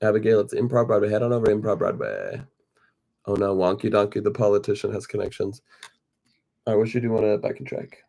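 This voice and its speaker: A man's voice: lowish voice, quick pace, vocal fry. A man co-hosting a casual livestream, playful and teasing as he chats with viewers. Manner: playful and teasing, lively delivery. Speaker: livestream co-host.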